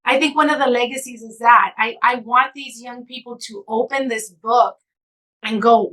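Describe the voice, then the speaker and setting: A woman's voice: fairly high pitch, steady tone, measured pace, sharp tone, poor audio. A woman author being interviewed, telling stories earnestly and with emotion, switching into Spanish at times. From California, United States. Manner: emotional, earnest storytelling, slipping into Spanish phrases. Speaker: author and guest. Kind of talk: heartfelt interview answer.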